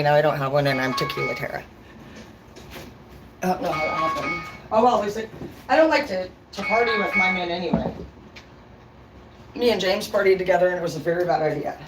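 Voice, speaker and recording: A woman's voice: on the low side, rough recording. A woman vlogging in a casual livestream rant, blunt and profane, talking straight to her viewers.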